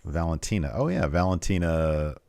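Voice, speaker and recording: A man's voice: low voice, normal speed, no echo, studio quality. A man co-hosting a podcast, recapping a wrestling show in casual chat and animatedly acting out what people said. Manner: animated storytelling, acts out quotes. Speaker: podcast co-host.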